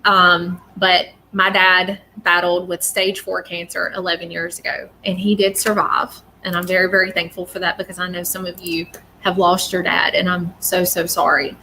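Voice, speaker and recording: A woman's voice: on the low side, flat delivery, normal speed, bright, forceful tone, slight background noise. A woman talking casually and emotionally on a live stream, apologetic and rambling as a psychic reader.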